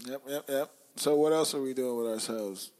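A man's voice: medium pitch, normal speed, darkish tone. A man co-hosting a casual podcast chat, loose and laughing, swearing often. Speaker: podcast co-host.

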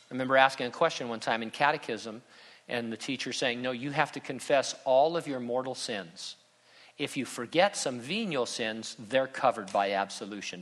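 A middle-aged man preaching a sermon as pastor, conversational and humorous, with emphatic turns. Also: a little high. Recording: bright voice in a hall with long reverb.

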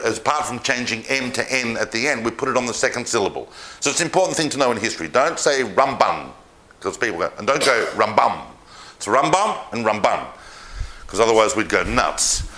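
A man giving a history lecture to a live audience, telling the story in an animated way and speaking directly to the listeners. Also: mid-range voice.

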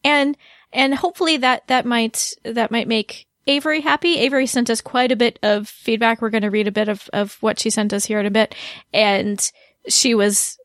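A woman's voice: mid-range voice, no room sound, clean studio sound. A woman co-hosting a TV discussion podcast, talking in a casual, chatty way with frequent restarts. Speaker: podcast co-host. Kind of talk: casual chat.

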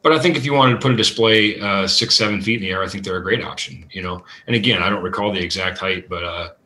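A man answering questions as an equipment expert, talking casually and filling pauses with "uh" and "you know". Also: low voice, bright, forceful tone. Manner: thoughtful, filler-heavy with many uh and you know.

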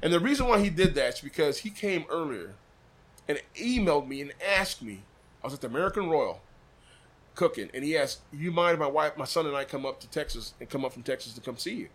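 A man from Des Moines telling a story casually, acting out quotes with big jumps in his voice. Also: brisk. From Des Moines, Iowa. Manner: animated, acts out quotes with big pitch jumps. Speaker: barbecue sauce maker, podcast guest.

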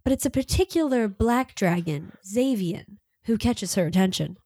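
A woman's voice: medium pitch, expressive, normal speed, dark tone, no room sound. A woman co-hosting a podcast in casual chat, giggling often and fighting a cold. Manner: giggly, laughs often between lines. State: has a cold. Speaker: podcast co-host. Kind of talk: casual chat about audiobooks.

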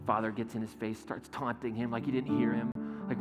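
A man's voice: medium pitch, brisk. Man preaching a storytelling sermon. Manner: animated storytelling, retelling a scene with quoted lines. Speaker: pastor. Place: church. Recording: echoey hall with faint music.

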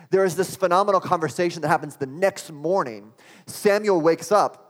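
A man's voice: high voice, normal speed. A man preaching a sermon, earnest and building to impassioned exclamations. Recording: long hall reverb.

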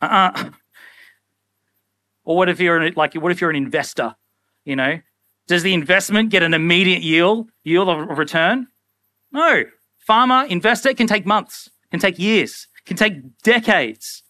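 A young man preaching a sermon in a casual, animated way, often acting out little everyday scenes. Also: high voice, moderate pace, dry recording. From Australia. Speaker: pastor.

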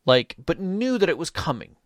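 A man's voice: a little high, big pitch swings, moderate pace, no room sound, clean studio sound. A man and podcast co-host who runs tabletop games, chatting casually and retelling a table story with energy. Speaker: game master, podcast co-host.

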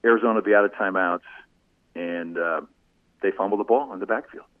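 A man and former radio broadcaster telling animated anecdotes in a casual interview. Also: sits low, fairly quick, no room sound. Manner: animated anecdotes, voice rising when telling funny moments. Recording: phone-like narrow sound, dry.

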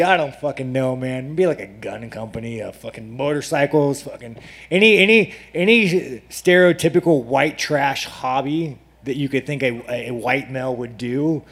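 A man, a professional fighter, giving unfiltered, profane, rambling answers and mocking reporters at a media day. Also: medium pitch. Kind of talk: unfiltered press conference answers. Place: crowded media day press room.

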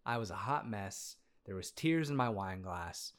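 A man co-hosting a casual movie review chat, playful and animated. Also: lowish voice, measured pace. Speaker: podcast co-host.

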